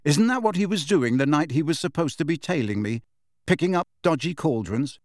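In clean studio sound with no echo, a man voices an earnest, thoughtful teenage boy. His delivery is expressive and brisk, with a fairly high pitch set above his own voice, though it still sounds natural.

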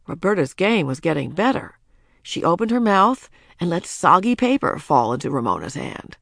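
Woman, storybook narrator, low pitch, gravelly, lively and expressive. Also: normal speed, dry recording, studio quality. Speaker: audiobook narrator.

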